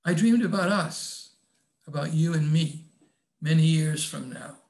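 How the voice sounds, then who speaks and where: A man voicing a tender, tearful young woman in love, speaking softly and dropping in French endearments. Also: on the high side, unhurried.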